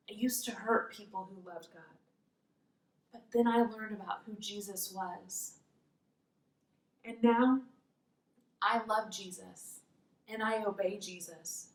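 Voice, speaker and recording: A woman voicing a calm, resolute adult male apostle in a plain, steady way, heard in an echoey room from a distance. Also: medium pitch. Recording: roomy echo, mic far off.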